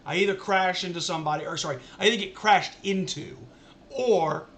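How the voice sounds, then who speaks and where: High bright-voiced man ranting while streaming. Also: fairly quick, slight background noise. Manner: exasperated ranting, repeats himself. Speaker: game streamer. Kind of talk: casual live-stream commentary.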